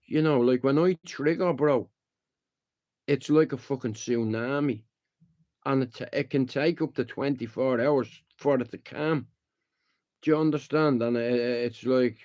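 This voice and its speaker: A man rambles to his viewers with a steady stream of curses. He gets heated when he tells a story. His mid-range voice comes through a dull, lo-fi recording. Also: medium pitch. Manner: profane, rambling, heated when retelling fights. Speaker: live streamer. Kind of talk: casual rambling talk to viewers. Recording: dull lo-fi sound.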